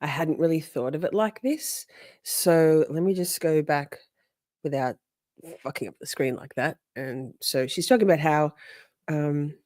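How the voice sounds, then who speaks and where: A woman's voice: low-pitched, measured pace, darkish tone, no echo, studio quality. A woman vlogger giving casual reaction commentary, stopping and starting as she thinks aloud.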